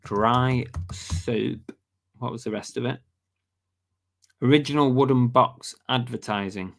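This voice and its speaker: A man's voice: mid-range voice, fairly even intonation, slow, vocal fry. A man with a British accent hosting a casual live stream, reading viewer comments aloud and chatting back, and saying he is losing his voice. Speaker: livestream host.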